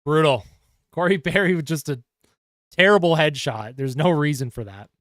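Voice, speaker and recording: Bright-voiced excitable male hockey streamer. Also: on the high side, moderate pace, no echo, clean studio sound. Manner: excitable play-by-play, chatting with viewers between calls. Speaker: livestream host and hockey fan commentator. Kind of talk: live fan play-by-play commentary.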